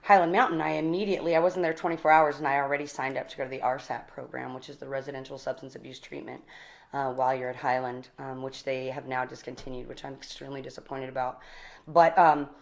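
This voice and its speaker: A woman in her forties, energetic and animated, telling her recovery story in a casual interview, often laughing. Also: extremely low pitch, fast talker, vocal fry. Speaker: guest.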